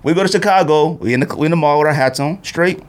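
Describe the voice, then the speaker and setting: A man in his thirties from Arizona, hosting a podcast and telling a casual story, acting out the people he quotes. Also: fast talker. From Arizona, USA. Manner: animated storyteller acting out quotes with big pitch jumps. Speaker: podcast host.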